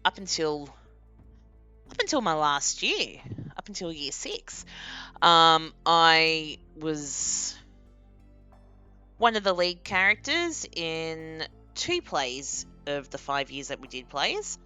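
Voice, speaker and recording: A young woman streaming a game and chatting casually, animated and laughing often. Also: sits low, takes it slowly, clean tone, soft background music. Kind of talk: casual live-stream chat.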